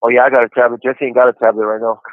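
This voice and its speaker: A man's voice: mid-range voice, level tone, very fast, dry recording. Guy in his 40s calling in from prison on a tinny phone line, laid back, lots of you knows, dry sound. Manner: easygoing storyteller, many "you know" fillers. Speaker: incarcerated caller on a podcast. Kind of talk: casual phone chat. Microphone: phone handset.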